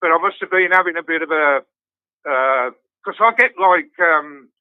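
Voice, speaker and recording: An older man chats casually and tells his stories in a high voice, with swearing and frequent laughter all through. The sound is thin and dry, like a phone line. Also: normal speed, clear, resonant tone, dry recording. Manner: swears constantly, storytelling with laughs. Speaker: guest fan. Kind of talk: casual chat.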